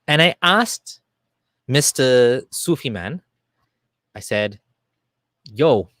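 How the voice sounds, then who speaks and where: A man talking straight to camera in a casual, heated monologue, animated and argumentative, with plenty of restarts. His voice sits at an ordinary middle pitch. The recording is close and dry. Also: slow, dry recording. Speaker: video creator.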